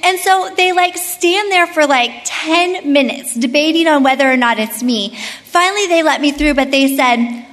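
A woman's voice: high-pitched, normal speed, a bit bright, big-room sound. A woman leading a Bible study, mixing chatty personal stories into devotional teaching, with many fillers. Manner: chatty, storytelling, frequent "like".

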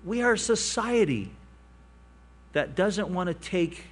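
A man preaching a sermon with a lively, swooping delivery, his voice climbing when he presses a point and falling low for softer asides. His voice sits a little higher than most men's. He tells a story well and keeps it moving. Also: slow pace. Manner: animated storytelling, rising for emphasis and dropping to quiet asides. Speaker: pastor.

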